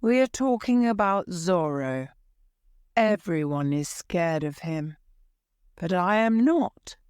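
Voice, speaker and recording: A boastful sergeant from a storybook, greedy and sure of his sword, as a woman reads him. The voice is smooth and clear, close and dry. It moves slowly. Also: lowish voice, lively intonation, darkish tone, no echo. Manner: boastful, bold.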